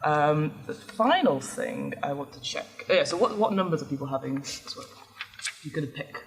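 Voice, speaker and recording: Woman game master, lowish voice, chatty rule explainer. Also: animated, normal speed. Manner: chatty, laughing, explains rules step by step. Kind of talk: explaining rules to players at a live game show.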